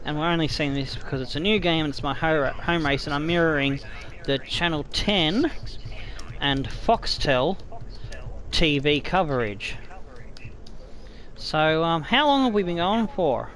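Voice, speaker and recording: A man with an Australian accent commentating his own racing game stream, excitable and swearing freely, yelping at scary moments. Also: fairly high pitch, a little slow, pauses often, low-quality recording. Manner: excitable, swears a lot, yelps at scares. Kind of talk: casual gameplay commentary.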